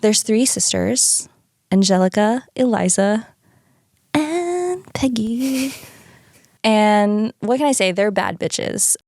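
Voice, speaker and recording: A woman's voice: medium pitch, unhurried, vocal fry, dry recording, clean studio sound. A woman co-hosting a podcast, casually recapping a story with lots of swearing and playful asides. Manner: animated, swears freely, acts out characters. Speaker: podcast co-host. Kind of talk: casual chat recapping a musical.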